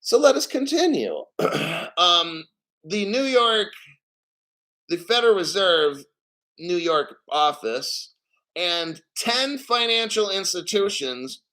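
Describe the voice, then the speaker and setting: A man's voice: high voice, animated, slow, long pauses, pushed and bright, rough recording. A man hosting a crypto channel, reading an article aloud with boastful, profane commentary, laughing and getting emotional. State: emotional, near tears.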